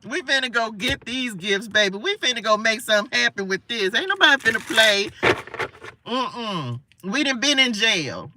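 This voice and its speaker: Bright, playful woman reading tarot. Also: a little high, expressive, normal speed, a little hiss or hum. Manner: chatty and playful, talks to viewers as y'all; laughs often, asides to spirits. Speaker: spiritual tarot reader. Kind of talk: live tarot card reading. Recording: voice a bit far from the mic.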